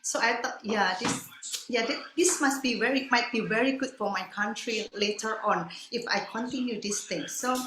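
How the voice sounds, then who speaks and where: A woman in her fifties from Indonesia, a ballet teacher telling her life story as a guest on an online panel, animated and laughing often. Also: fairly high pitch, moderate pace, background noise. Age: 50s. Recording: echoey room.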